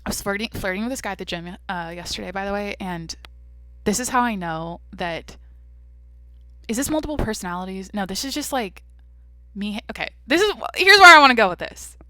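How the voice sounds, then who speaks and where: Young woman, solo podcast host, blunt and foul-mouthed, tense bright voice, no room sound. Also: medium pitch, animated, brisk, dry recording. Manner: brash, profane, blunt. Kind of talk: casual solo podcast chat.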